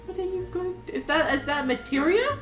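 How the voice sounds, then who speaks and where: A woman's voice: extremely high pitch, big pitch swings, fairly quick, a bit bright, faint music behind. Giggly, rambling woman streamer. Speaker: streamer playing a game with a friend. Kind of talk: casual chat while gaming.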